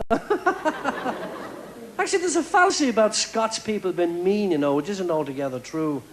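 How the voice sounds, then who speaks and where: A man doing a stand-up comedy set of quick one-liners on a TV show. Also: high voice, animated. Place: TV studio with live audience. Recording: live TV show with crowd laughter and noise.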